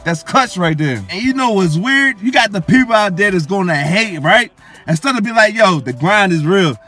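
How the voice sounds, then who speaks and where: A man's voice: high-pitched, animated, moderate pace, bright, forceful tone, soft background music. A young man giving hyped, boastful gameplay commentary, repeating his catchphrases over and over. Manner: hyped, boastful, repeats phrases ending in "coach" and "yo". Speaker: gaming YouTuber.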